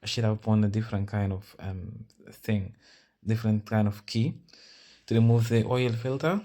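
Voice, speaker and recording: Male vlogger, low-pitched, Arabic, chatty and self-mocking with lots of tangents. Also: fairly even intonation, moderate pace, dark tone. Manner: rambling, self-mocking, with many asides. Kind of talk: casual talk over car-maintenance footage.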